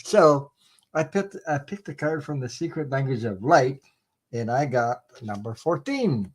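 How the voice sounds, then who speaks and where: A man hosts a casual tarot live stream in a giggly, animated way. His husky voice moves lively up and down. He talks at an unhurried pace. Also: mid-range voice. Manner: giggly, animated, lots of laughter. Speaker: host.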